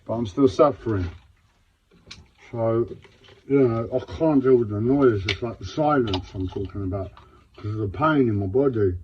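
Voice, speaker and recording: A man's voice: mid-range voice, moderate pace, slight background noise. A man talking unscripted on a live stream, in physical pain and distressed, with raw, repetitive speech and heavy swearing. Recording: dull lo-fi live-stream audio.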